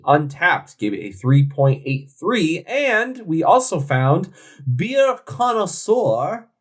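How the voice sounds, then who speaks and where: Slow-talking jokey man. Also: mid-range voice. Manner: jokey, goofy asides. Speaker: podcast co-host. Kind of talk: casual beer review chat.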